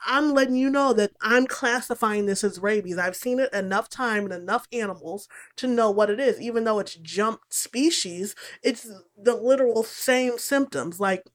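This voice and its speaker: A woman's voice: on the high side, moderate pace, natural voice. Woman doing a blunt, fed-up male vet. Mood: insistent. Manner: blunt, slangy, insistent. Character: blunt exasperated adult male veterinarian.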